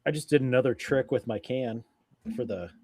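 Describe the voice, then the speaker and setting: A man's voice: medium pitch, normal speed, warm tone, a little hiss or hum. A man co-hosting a live stream in casual chat, loose, profane and self-mocking.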